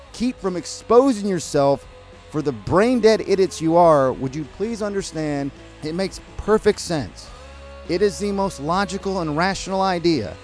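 An American man hosting a podcast, ranting sarcastically and scolding his listeners, at times in a mock calm, soothing voice. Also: fairly high pitch. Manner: sarcastic, scolding and exasperated, hurling insults; mock calm and soothing delivery that breaks into outbursts. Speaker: podcast host. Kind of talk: ranting opinion segment.

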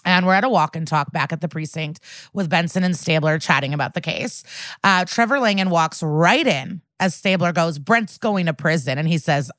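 A woman's voice: low-pitched, fairly bright tone, dry recording. A woman co-hosting a podcast, recapping a TV episode in a casual, chatty way, swearing often and saying "like" a lot. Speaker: podcast co-host.

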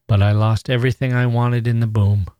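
A man's voice: medium pitch, flat delivery, fairly quick, dark tone, no room sound, close to an everyday voice. A man reading the part of a tense, remorseful middle-aged father who sounds strained and earnest. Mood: subdued.

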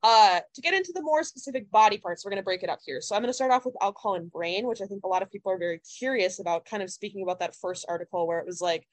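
A woman's voice: mid-range voice, animated, racing, hardly any pauses, no room sound. Chatty young woman, dry sound. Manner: chatty, heavy use of "like", casual swearing. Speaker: podcast co-host. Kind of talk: casual chat.

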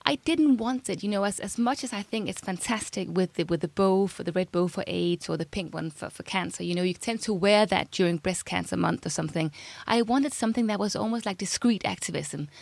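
A woman's voice: mid-range voice, brisk, gravelly, a little mellow, no room sound. A woman being interviewed as a jewelry designer, talking casually with frequent restarts. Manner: chatty, many restarts and repeated words.

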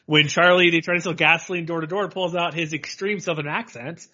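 Animated bright-voiced man chatting sports. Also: a little high, fairly quick. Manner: animated, laughs often, rambling. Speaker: podcast co-host. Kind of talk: casual sports chat. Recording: dull lo-fi audio.

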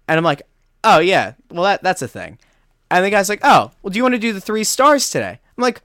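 Animated man telling a sports story. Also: high voice, fairly quick, no room sound, studio quality. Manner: animated storytelling with many restarts. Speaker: podcast co-host. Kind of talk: casual sports chat.

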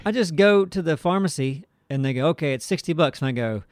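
Man, mid pitch, lively swooping voice, acts out dialogue, dry sound. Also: fairly quick, no room sound. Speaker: podcast co-host. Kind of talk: casual chat.

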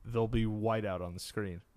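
A man with a fairly low, warm voice co-hosts a podcast in a casual chat, telling jokes in a rambling way and laughing at them himself.

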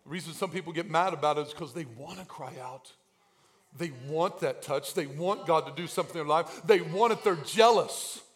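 A man pastor preaching a sermon in a church, swinging from quiet asides to shouted lines. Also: a little high, brisk.

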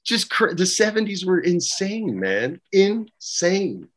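A man's voice: mid-range voice, lively intonation, moderate pace. A middle-aged man, a podcast guest, telling stories in a casual way and acting out the quoted lines with a raised voice. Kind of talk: casual storytelling.

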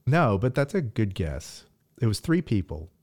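Low, mellow-voiced man quizzing a co-host. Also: very animated, moderate pace. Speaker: podcast co-host. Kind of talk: casual chat.

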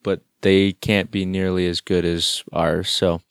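A man's voice: sits low, flat delivery, measured pace, smooth, no echo. A man co-hosting a casual sports talk show, ranting with dry sarcastic jokes. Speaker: co-host.

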